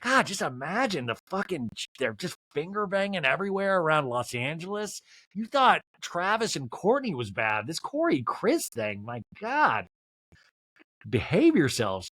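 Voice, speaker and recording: Picture a young male podcast host tearing through a reality TV recap with snark. His pitch leaps all over, jumping from mutters to squeals, and the sound is dry and close to the mic. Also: moderate pace, no room sound. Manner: snarky, animated, mocking. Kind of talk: comedic TV recap.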